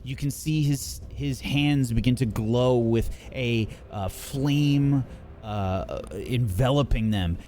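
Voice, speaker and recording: A man narrating and running a tabletop game as game master, unhurried and full of fillers. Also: mid-range voice, dark tone.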